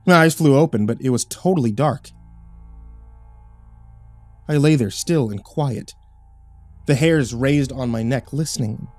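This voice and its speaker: A man's voice: mid-range voice, unhurried, pauses often, no echo, faint music behind. A man narrating a first-person horror story in a tense, dramatic reading.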